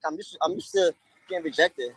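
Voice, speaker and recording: A man's voice: a little high, fast talker, background noise. A man, chatting casually and playfully on a livestream in heavy slang. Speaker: streamer.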